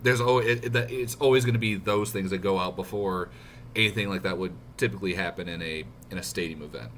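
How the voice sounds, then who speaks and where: A man's voice: low voice, fast, a bit bright, slight background noise. A man chatting as a guest on a live show, hesitant, restarting sentences and using fillers. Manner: hesitant, restarts often, fillers like "you know". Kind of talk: casual panel chat.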